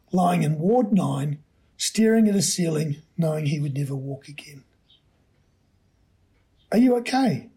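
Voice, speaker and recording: A man, a podcast host, reading a short story aloud in a measured, expressive way. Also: a little high, husky.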